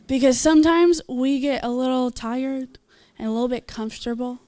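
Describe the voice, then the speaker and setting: High-voiced woman preaching an altar call. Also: moderate pace, a little mellow. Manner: earnest, encouraging, with small laughs and asides. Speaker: preacher leading prayer ministry. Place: church gathering.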